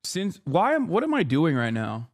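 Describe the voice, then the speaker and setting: A man's voice: a little high, huge pitch swings, moderate pace. A male streamer giving heated, profane, sarcastic commentary and arguing with his chat. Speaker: streamer reacting to a video.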